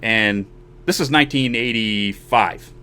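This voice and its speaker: A man's voice: fairly low pitch, a little slow. A man in his forties hosting a podcast and telling a long personal story casually, acting out the voices of the people in it. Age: 40s. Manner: animated storyteller who acts out quoted voices. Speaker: show host.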